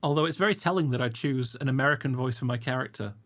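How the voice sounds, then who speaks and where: British guy on a d&d podcast, wry and self-deprecating, mid-pitched easy voice. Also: quick pace, fairly bright tone. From Britain. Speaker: podcast guest and player. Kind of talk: casual podcast chat.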